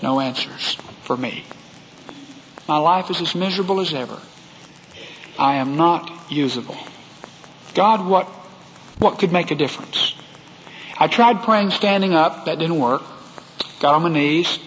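A man's voice: fairly high pitch, a bit bright, big-room sound, lo-fi sound, a little hiss or hum. A man from Texas with a Texan accent, preaching a sermon and telling a personal story in a folksy way that speaks straight to the congregation. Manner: folksy, addresses the congregation directly.

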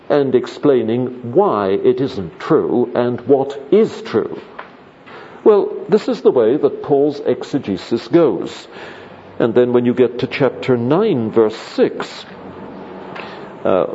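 A man's voice: medium pitch, warm tone. Methodical male Bible lecturer, dull recording. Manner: methodical, measured, with frequent ums and uhs. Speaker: Bible teacher. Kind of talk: lecture on scripture. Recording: dull lo-fi recording with faint hiss.

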